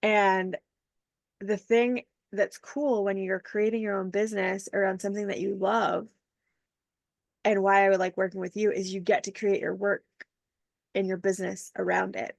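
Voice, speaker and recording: A woman's voice: mid-range voice, level tone, moderate pace, vocal fry, dry recording. A woman hosting a podcast, talking reflectively in casual conversation with many fillers. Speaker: podcast host.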